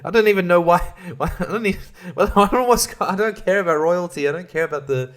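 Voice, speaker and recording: A man's voice: high-pitched, quick pace. Profane man ranting solo. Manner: profane, irreverent, laughs mid-sentence. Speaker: podcast host. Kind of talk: casual solo podcast rant.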